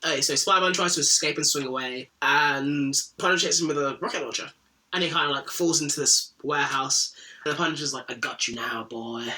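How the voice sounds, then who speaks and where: This podcast co-host, a man with a fairly high pitch, talks fast while casually recapping a cartoon episode. Animated throughout, he acts out characters' dialogue and swears a lot.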